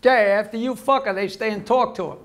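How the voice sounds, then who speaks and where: A man's voice: sits high, a little fast, very noisy. A man in his sixties hosting a comedy club show, telling dirty jokes and laughing at his own punchlines. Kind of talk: stand-up joke telling.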